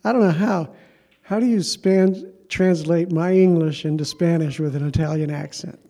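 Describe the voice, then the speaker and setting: A man's voice: a little high, moderate pace, warm tone. A man preaching a sermon as pastor, telling a story in a conversational, self-deprecating way.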